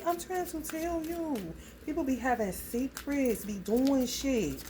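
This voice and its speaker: A woman's voice: high-pitched, takes it slowly, darkish tone, a little hiss or hum. Blunt, profane woman doing a casual reading. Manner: loose, rambling delivery. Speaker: astrology reading vlogger. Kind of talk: casual spoken reading to viewers.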